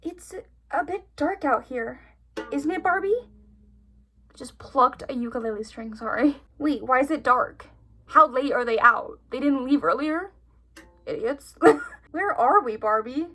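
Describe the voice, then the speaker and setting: Faint music plays behind a young woman reading her childhood stories aloud, her high, bright voice forceful yet unhurried with lively intonation. She pauses for giggly, sarcastic, incredulous comments along the way.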